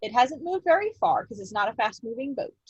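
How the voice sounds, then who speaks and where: Woman game master, husky, higher voice, dry close sound, slightly dull audio. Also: a little fast, no room sound. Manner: relaxed, filler-heavy, thinks aloud. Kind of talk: running a tabletop game online.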